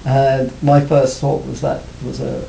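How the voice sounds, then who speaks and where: A man being interviewed about his music career, talking reflectively with many pauses and restarts. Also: completely flat delivery, creaky, warm tone. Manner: hesitant, many restarts and "you know". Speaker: interviewee, former band cellist. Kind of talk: reflective casual interview talk. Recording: roomy, faint rumble.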